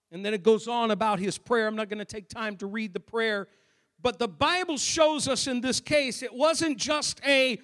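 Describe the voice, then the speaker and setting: A man with a very high voice preaches a sermon as pastor, his words trailing off into the long reverb of a large church hall. He drops into quiet, intimate asides, then rises to loud, emphatic declarations. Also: normal speed.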